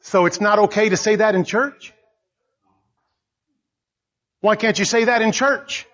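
An older man preaching a sermon as pastor, emphatic and rising to shouts. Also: high-pitched, normal speed. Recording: dull lo-fi recording.

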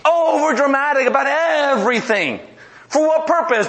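A middle-aged man pastor preaching a humorous, animated sermon, repeating himself and dropping low and slow for emphasis. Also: some chatter behind, a little hiss or hum.

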